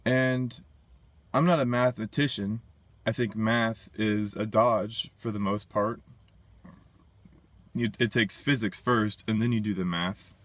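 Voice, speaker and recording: A man's voice: on the low side, steady tone, a little slow, pauses often, no echo. A man talking alone in a casual monologue, blunt and dismissive, thinking aloud and restarting his sentences. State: burping. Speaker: independent science commentator.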